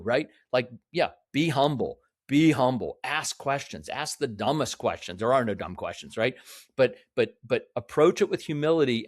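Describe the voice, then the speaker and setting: Guesting on a podcast, a man who develops real estate speaks earnestly in a mid-range voice, explaining his points and frequently tagging them with "right?" The interview is conversational, recorded with studio quality and no echo.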